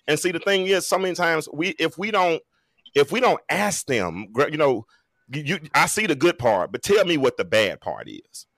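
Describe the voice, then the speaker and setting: A man's voice: fairly high pitch, sing-song, normal speed, fairly bright tone, dry recording. A man in his forties speaking on a talk show panel, emphatic and preacherly, with folksy jokes. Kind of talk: animated panel discussion.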